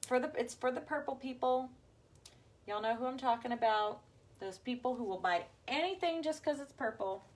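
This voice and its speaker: A woman with a high voice, speaking at a normal pace, hosts a craft livestream from home. She chats with viewers while she works, calling them "y'all."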